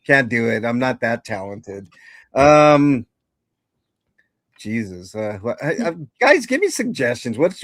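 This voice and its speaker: A man hosting a casual group chat, reading viewer comments aloud with animated, laughing delivery. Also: mid-range voice, no room sound. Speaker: podcast host.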